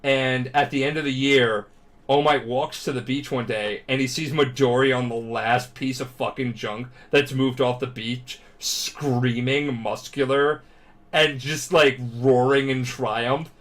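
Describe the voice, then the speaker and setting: A drunk man hosting a podcast, retelling a story in a profane, animated way. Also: medium pitch, a little slow. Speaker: podcast host. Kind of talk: casual podcast chat.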